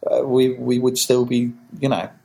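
A man's voice: mid-range voice, normal speed, vocal fry, low-quality recording. A man, a podcast guest talking casually and acting out quoted reactions in playful voices. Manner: animated, acts out quoted reactions with jokey voices. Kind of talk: casual conversational interview.

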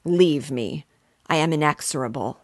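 Woman voicing a defiant young male scientist, firm, forceful, low steady voice, dry recording. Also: normal speed, no room sound. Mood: scornful.

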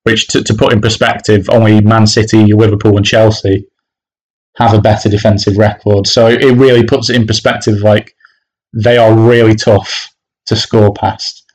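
Male podcast co-host with a low voice, relaxed, halting football talk. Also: low-quality recording. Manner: hesitant, many restarts and fillers. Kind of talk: casual football podcast chat.

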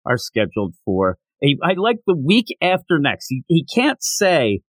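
A middle-aged man co-hosting a podcast, recapping a manga chapter in casual chat, animated and dropping into silly voices when quoting characters. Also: fairly high pitch, measured pace, husky, no echo. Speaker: podcast co-host.

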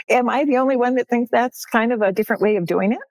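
A woman's voice: a little high, fairly quick, dry recording. An older woman, a success coach, speaking as a podcast guest in an upbeat, emphatic way and repeating her key phrases. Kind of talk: podcast interview.

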